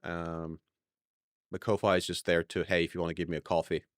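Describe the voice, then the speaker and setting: A man's voice: deep voice, flat delivery, brisk, dry recording, studio quality. A young man streaming live, chatting casually to viewers, rambling and correcting himself as he goes, laughing often.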